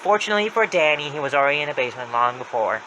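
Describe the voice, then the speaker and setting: A man's voice: on the high side, animated, rapid-fire, sharp tone, a little hiss or hum, poor audio. A young man retelling a creepy story in a plain, running recap with small slips. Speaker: narrator.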